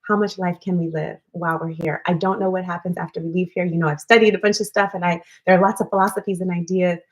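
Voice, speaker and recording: A woman's voice: on the low side, fairly even intonation, fast. Woman, livestream wellness host, casual and earnest, repeats herself for encouragement. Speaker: host of a weekly live wellness show. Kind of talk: casual motivational livestream talk.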